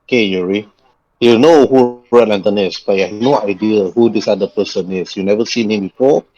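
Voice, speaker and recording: Low-voiced man narrating as game master. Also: a little fast, a little mellow, highs cut off.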